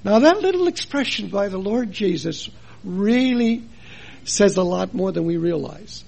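A man preaching a sermon in a chapel, earnest and full of rhetorical questions, his loudness rising and falling for emphasis. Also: sits high, very animated, measured pace, gravelly.

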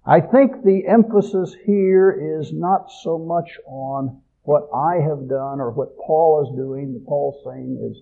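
A man preaching a sermon, swelling loud on key phrases and dropping low at the ends. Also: takes it slowly, gravelly. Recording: tinny phone-like audio.

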